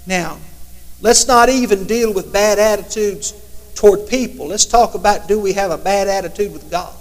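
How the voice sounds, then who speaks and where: A man's voice: sits high, normal speed. A man preaching a sermon in a conversational way, now and then acting out imagined prayers to God. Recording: long hall reverb.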